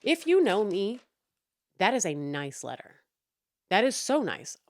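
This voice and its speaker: A woman's voice: mid-range voice, very animated, measured pace, dry recording, studio quality. Profane, heated young woman venting. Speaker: podcast host. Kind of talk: casual storytelling rant.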